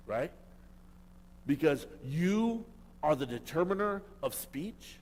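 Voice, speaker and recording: A man preaching a sermon as a pastor, emphatic and full of rhetorical questions, swinging between loud and quiet. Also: on the high side, very animated, slow, long pauses. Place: church hall. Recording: long hall reverb.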